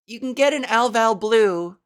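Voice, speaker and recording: A woman hosting a casual solo podcast, rambling and self-mocking, laughing at her own jokes while working on a softer voice. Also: on the high side, animated, measured pace, clear, resonant tone. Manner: practicing a softer voice with resonance and inflection. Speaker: podcast host. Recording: fan blowing near the microphone.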